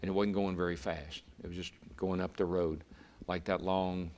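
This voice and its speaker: A man's voice: sits low, flat delivery, normal speed, darkish tone. A man, a former racer turned broadcaster, telling a vivid story as an interview guest and often repeating words. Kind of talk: storytelling in a conversation.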